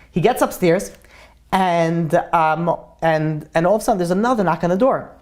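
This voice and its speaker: A woman telling a story in a casual, chatty way, often saying "like" and clearing her throat. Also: on the low side, moderate pace, darkish tone.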